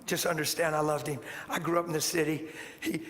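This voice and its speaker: A man preaching a sermon as a story, animated and rising to shouts. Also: fairly high pitch, brisk. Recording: long hall reverb, faint noise.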